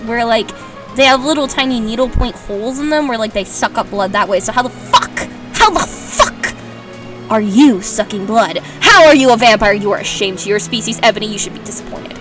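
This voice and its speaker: An Irish woman with a fairly high voice chats through her reading of fanfiction, sarcastic and rambling. She giggles often and keeps the tone loose and casual. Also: fairly quick, music in the background. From Ireland. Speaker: host. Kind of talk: casual commentary while reading fanfiction aloud.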